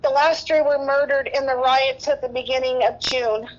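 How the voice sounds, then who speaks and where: A woman's voice: high voice, steady tone, moderate pace, highs cut off. A woman nurse, tearful and emotional, rambling through an interview with many restarts. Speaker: guest nurse.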